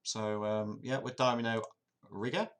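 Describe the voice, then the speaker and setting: A man's voice: on the low side, fairly even intonation, a little slow. An English man casually streaming a football management game, chatting with his viewers and poking fun at himself. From England. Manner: chatty, self-deprecating, talks to chat. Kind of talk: casual live-stream chat.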